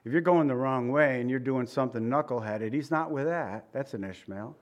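A man's voice: mid-range voice, moderate pace, highs cut off. A middle-aged man preaching a sermon in a conversational way, asking the listeners rhetorical questions. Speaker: pastor.

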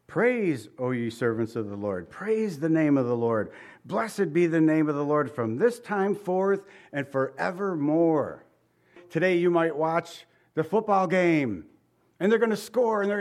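A man preaching a sermon, his voice sitting a touch higher than most men's. He swings between reading scripture aloud and animated, chuckling asides to the congregation. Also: measured pace. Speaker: pastor.

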